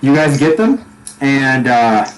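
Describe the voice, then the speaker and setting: A man's voice: mid-range voice, very animated, takes it slowly, low-quality recording. A man narrating as game master for a tabletop game, loose and rambling, laughing often. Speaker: dungeon master.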